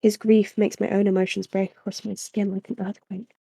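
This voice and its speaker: A young woman reads a novel aloud on her livestream, soft and unhurried. Her voice is warm and dark with a gravelly fry at the phrase ends. The desk mic sounds close and dry. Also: medium pitch, little pitch movement, dry recording. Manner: soft, unhurried narration with chatty asides to chat and her cat. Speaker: streamer reading a novel aloud. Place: small room at home. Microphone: desk microphone.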